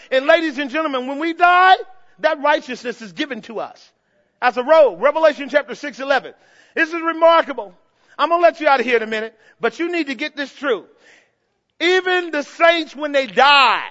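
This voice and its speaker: High-voiced older man preaching, bright and lo-fi. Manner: preaching with bursts of shouting and playful mimicry. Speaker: pastor. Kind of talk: sermon.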